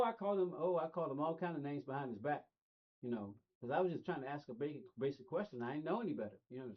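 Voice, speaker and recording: A middle-aged man streaming a racing game, rambling casually and talking straight to his chat. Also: on the high side. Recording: dull lo-fi stream audio.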